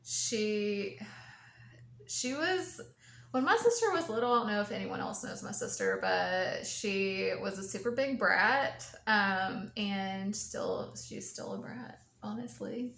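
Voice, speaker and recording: A woman's voice: medium pitch, takes it slowly, gravelly. A woman, co-hosting a podcast, chatting casually and laughing as she tells stories. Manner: giggly storyteller, quotes others in lively voices. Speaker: podcast co-host. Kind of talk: casual chat. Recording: echoey room.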